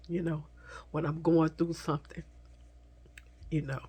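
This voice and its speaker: A woman vlogger tearfully telling a personal story to her viewers, speaking softly and haltingly, at times dropping to a whisper. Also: deep voice, flat delivery, slightly rough. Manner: soft, halting, slips into whispers, addresses viewers as y'all.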